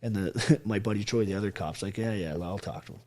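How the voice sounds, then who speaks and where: Veteran guest, man, low-set voice, raw and profane storyteller. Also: quick pace, a little mellow. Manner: profane, blunt, acts out quoted speech. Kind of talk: emotional storytelling on a podcast.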